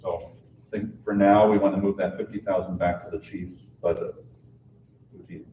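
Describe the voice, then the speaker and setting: A man on a council walks through a budget point in an explanatory way, often repeating words as he restarts. His voice is on the low side. The sound is thin and phone-like, and the room is echoey. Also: level tone, moderate pace, far from the mic, slight background noise. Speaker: council member. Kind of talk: explaining budget matters at a meeting.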